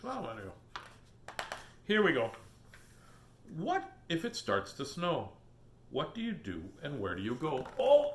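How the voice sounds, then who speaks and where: Playful male host reading to kids, animated and jokey, roomy sound. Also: medium pitch. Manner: playful, joking asides and silly animal voices. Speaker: children's book reader. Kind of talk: reading a picture book aloud on video.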